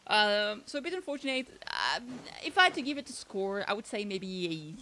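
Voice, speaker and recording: A woman with a light French accent chats casually with her stream viewers. Her voice is bright and clear. She rambles, restarts sentences and fills the gaps with ums. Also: mid-range voice, very animated, moderate pace. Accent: slight French. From France. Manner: chatty, rambling, many fillers and restarts.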